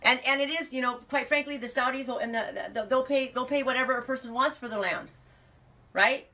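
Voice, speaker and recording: Heard through a distant mic, a woman from California reads out viewer comments on her farm vlog, rambling casually and laughing often. Her voice is high-pitched, brisk, pushed, and bright.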